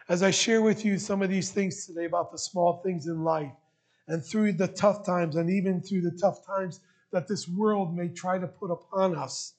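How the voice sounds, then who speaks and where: A man's voice: sits high, a little mellow. A man preaching a sermon to his church, earnest and openly emotional, building to emphatic rising questions. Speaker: pastor. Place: church sanctuary.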